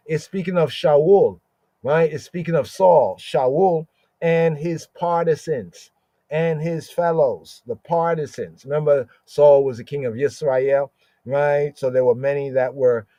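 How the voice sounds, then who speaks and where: A man teaching scripture in a slow, unhurried cadence, his voice mellow and somewhat high for a man. He drawls out Hebrew words and repeats them, tagging "right?" onto most phrases. The recording is dry and slightly dull. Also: dry recording. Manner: repeats words with frequent "right?" tags, sounds out Hebrew slowly.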